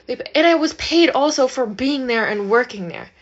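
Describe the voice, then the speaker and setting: A woman with a fairly high voice vents in a casual vlog, swearing freely and hammering her points. Her delivery rambles and restarts. The recording sounds dull and lo-fi. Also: lively intonation, moderate pace. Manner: emphatic, profane, rambling. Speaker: manifestation vlogger.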